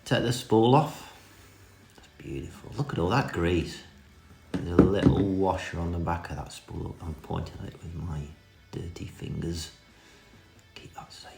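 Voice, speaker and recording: A man with a very deep, gravelly voice talks through a repair job with cheeky, self-mocking asides. The room sounds echoey, with music playing behind him. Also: unhurried, a little mellow. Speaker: vintage reel restorer. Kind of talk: casual hands-on repair tutorial.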